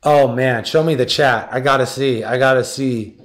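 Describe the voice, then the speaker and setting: A man hosting a battle rap league stream, high, talking in a profane, animated rant and making a matchup announcement. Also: moderate pace. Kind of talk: live-stream talk and announcement.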